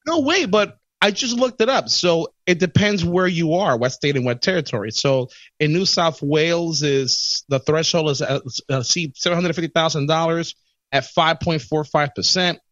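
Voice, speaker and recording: A man with a fairly high voice co-hosts a podcast, asking curious, joking follow-up questions. The audio is dry, with no room around it, and sounds dull and muffled. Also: moderate pace, fairly bright tone, dry recording. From Puerto Rico. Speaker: podcast co-host. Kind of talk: casual podcast chat.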